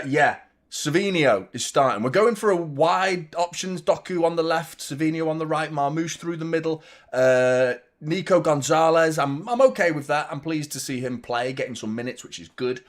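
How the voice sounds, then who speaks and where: Exasperated man hosting a live watchalong. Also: medium pitch. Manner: rambling, exasperated, swears casually. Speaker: football fan channel host.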